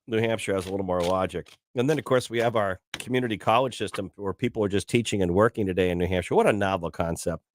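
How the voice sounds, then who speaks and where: A man's voice: on the low side, dry recording. Chatty male morning radio host. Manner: chatty, animated storytelling with many restarts. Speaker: radio talk show host. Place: radio studio.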